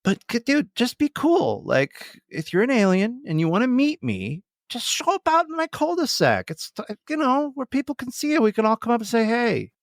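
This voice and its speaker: A man co-hosting a casual podcast, animated and acting out little scenes in quoted voices. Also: extremely high pitch, moderate pace, hardly any pauses, no room sound, clean studio sound. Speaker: podcast co-host.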